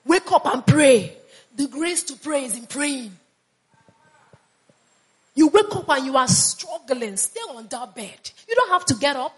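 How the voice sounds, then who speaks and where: A woman's voice: sits high, big pitch swings, a little slow, pauses often. A woman preaching a sermon with fervor, repeating phrases and calling on the congregation to answer back. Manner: fervent, repeats phrases, calls on congregation to respond.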